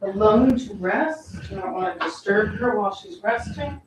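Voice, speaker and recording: A woman's voice: mid-range voice, normal speed. A woman filming her dog giving birth at home, soothing and cooing to her in a casual way. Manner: soothing, coos to a dog in labor. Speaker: dog breeder filming a whelping. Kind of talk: casual vlog. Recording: echoey room from far off, noisy.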